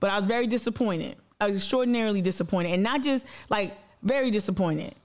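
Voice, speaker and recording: A woman's voice: medium pitch, quick pace. A woman hosting a livestream, giving a blunt, impassioned monologue full of profanity and repetition, speaking straight to her audience. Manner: addresses the audience directly and reads viewer comments aloud. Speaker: livestream host.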